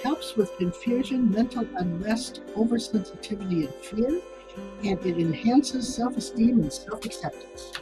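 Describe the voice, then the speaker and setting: A woman's voice: mid-range voice, moderate pace, rough recording. Chatty woman psychic co-host over music. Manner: chatty, laughs easily, reads affirmations aloud. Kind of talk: casual live call-in chat. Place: home studio, seen on camera in hat and glasses.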